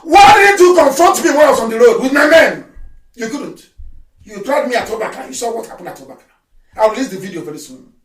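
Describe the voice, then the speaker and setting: A man with a Nigerian accent giving an impassioned live radio address, fiery and mocking, often breaking into shouts. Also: extremely high pitch, lively intonation, fast talker. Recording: roomy and distant from the mic.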